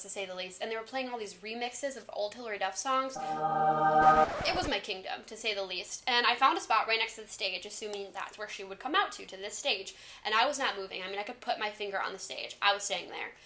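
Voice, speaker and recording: A woman in her twenties telling a storytime vlog, talking fast in an excited, gushing way. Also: on the high side. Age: 20s. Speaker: vlogger.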